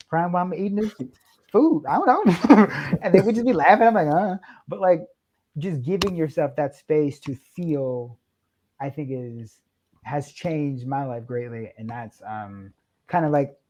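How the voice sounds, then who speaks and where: Young guy on a podcast, super expressive, does little voices when he tells stories. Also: a little high. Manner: animated storyteller acting out quoted lines. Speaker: podcast guest. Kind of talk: casual chat.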